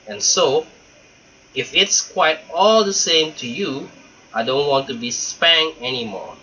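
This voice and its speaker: A man's voice: a little high, animated, takes it slowly, pushed and bright, heavily acted. Man doing a polite young elephant calf. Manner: polite, earnest storybook voice. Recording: dull lo-fi recording.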